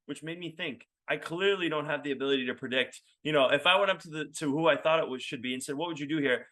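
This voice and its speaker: Fast, bright-voiced man telling stories. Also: on the high side. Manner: animated storyteller, acts out quoted dialogue. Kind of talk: casual storytelling.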